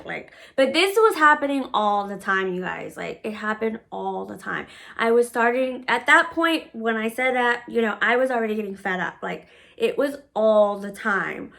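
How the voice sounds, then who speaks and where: Woman vlogger, slightly high voice, blunt storytelling that is heavy on fillers. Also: lively intonation, normal speed, vocal fry, hardly any pauses, sharp tone. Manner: blunt, profane, with frequent "like" fillers. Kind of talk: storytime vlog.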